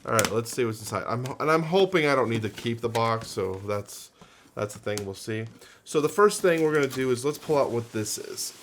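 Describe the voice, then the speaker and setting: A man's voice: medium pitch, lively intonation, a little fast, noisy background. A man hosting a casual unboxing video, rambling and thinking aloud with lots of fillers and restarts. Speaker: unboxing channel host.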